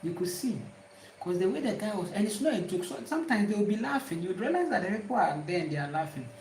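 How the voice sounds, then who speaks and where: A woman's voice: mid-range voice, sing-song, quick pace, darkish tone, a little hiss or hum. A woman with a Ghanaian accent giving a casual spiritual talk, emphatic, often repeating and restarting her words. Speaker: spiritual teacher. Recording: roomy echo.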